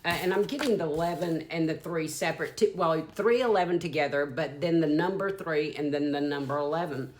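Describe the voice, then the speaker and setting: A woman's voice: low-pitched, a little fast, hardly any pauses, a little mellow, a little hiss or hum. A woman in her fifties with a Southern US accent, giving a rambling, frank and sometimes profane channeled tarot reading. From Deep South, USA. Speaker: psychic tarot reader.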